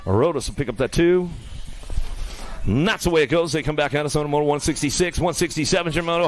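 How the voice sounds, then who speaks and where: A man calling live BMX races in rapid play-by-play, throwing out nicknames for riders and teasing them as they finish. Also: on the high side. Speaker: race announcer. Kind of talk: live BMX race commentary. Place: outdoor BMX race track.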